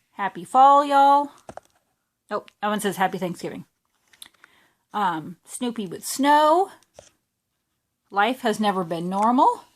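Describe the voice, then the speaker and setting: A woman, chatting casually and gushing while she shows off her crafting supplies. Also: medium pitch. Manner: chatty and gushing, with many fillers. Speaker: cross-stitch vlogger. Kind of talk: casual show-and-tell chat.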